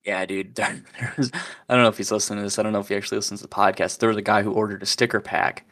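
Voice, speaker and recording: A man's voice: lowish voice, flat delivery, rapid-fire, a bit bright. A young man hosting a podcast, telling stories in a laid-back way, full of "dude" and "like". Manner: laid-back storyteller, says "dude" and "like" a lot. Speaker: podcast host. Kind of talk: casual chat.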